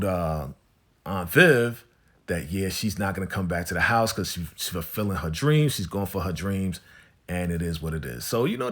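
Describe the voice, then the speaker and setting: A man's voice: fairly low pitch, a bit bright. A man casually recapping a TV episode in a laid-back, slang-filled way, often tagging his lines with "right?" and "you know".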